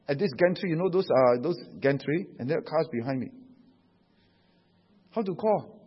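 Singaporean male preacher, raspy and rather high, telling lively church anecdotes; dull, echoey hall sound. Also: normal speed, pauses often. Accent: Singaporean English. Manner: animated storytelling, tags with "huh?" and "you know". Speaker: pastor. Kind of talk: sermon with anecdotes.

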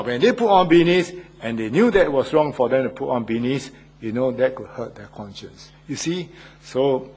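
A man's voice: medium pitch, a little hiss or hum. An older man, a church elder, preaching an earnest sermon and asking his listeners questions. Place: Australia.

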